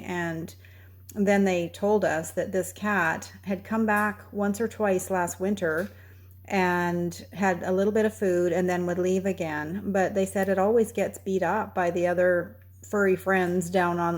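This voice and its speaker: A woman co-hosting a homestead channel, telling a story in a casual, unhurried way, step by step. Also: lowish voice, steady tone. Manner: unhurried, recounting events step by step.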